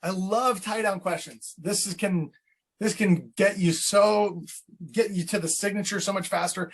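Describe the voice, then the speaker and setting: A man's voice: high voice, a little slow, husky. A man coaching real estate agents on sales scripts in a casual teaching chat, acting out client lines as he goes.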